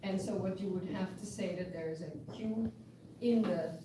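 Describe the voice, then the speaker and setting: In a lecture room, a woman with a mid-range voice and moderate pace gives a university linguistics talk, restarting often and explaining patiently through examples. The recording is noisy, with echo and a far-off microphone.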